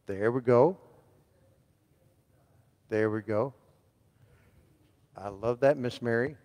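A man's voice: mid-range voice, takes it slowly, darkish tone. A man, a pastor preaching a sermon in a church, calling on the congregation to answer and repeat verses after him. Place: church sanctuary. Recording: long hall reverb.

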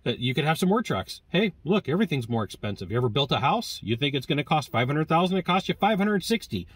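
A man teaching sales negotiation in a lively, conversational way, acting out bits of dialogue with customers. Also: on the high side, fast, husky. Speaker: sales trainer. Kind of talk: direct-to-camera sales coaching.

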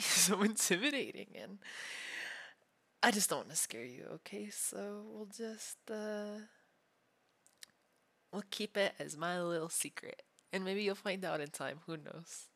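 A man voicing an obsessive young male yandere femboy in a whispered role-play, soft and unsettling, swinging between sweetness and threat. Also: high voice.

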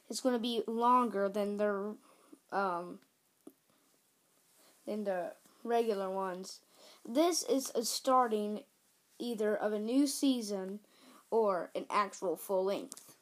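A woman's voice: mid-range voice, takes it slowly, pauses often. A woman creator giving a casual, hesitant spoken intro to her game cartoon. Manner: hesitant, with fillers and restarts.

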